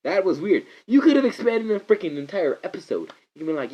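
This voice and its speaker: A man vlogging a rambling casual movie rant to his camera, digressive and animated, breaking into loud mock voices. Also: sits high, brisk, hardly any pauses, a little hiss or hum. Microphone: camera mic. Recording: dull lo-fi camera audio.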